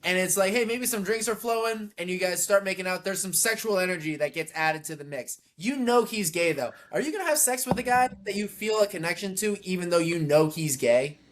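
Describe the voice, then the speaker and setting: A man's voice: high voice, lively intonation, fairly quick, few pauses, fairly bright tone. Sex: man. Role: podcast co-host. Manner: profane, keeps saying yeah. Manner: profane, many repeated yeahs. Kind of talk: casual chat.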